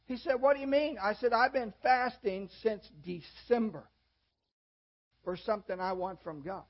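A man's voice: sits high, normal speed. An older man preaching a sermon in a folksy, self-deprecating way, with sudden emphatic rises. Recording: dull lo-fi audio.

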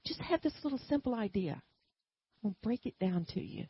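A woman preaching a sermon and telling a personal story, swinging from quiet asides to loud emphatic bursts. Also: mid-range voice, very animated, moderate pace, breathy edge, no echo, muffled recording.

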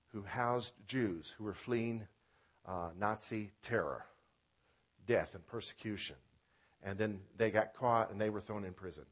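A male pastor at a medium pitch delivers his sermon with lively, animated energy. He leans on playful wordplay and repeated phrases. His voice swings from loud, emphatic declarations to soft, hushed lines.

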